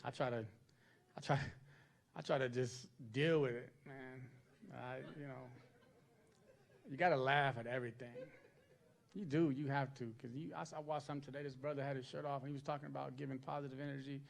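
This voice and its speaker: A man's voice: mid-range voice, steady tone, brisk, creaky. A man doing a stand-up comedy set on stage, chatting and checking in with the crowd for agreement. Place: stage at a live comedy event.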